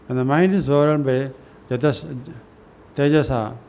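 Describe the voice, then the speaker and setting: A man reading spiritual scripture aloud in a slow, halting way, often restarting words and clearing his throat. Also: medium pitch, a little mellow. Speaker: reader of a spiritual newsletter. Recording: dull lo-fi recording with faint noise.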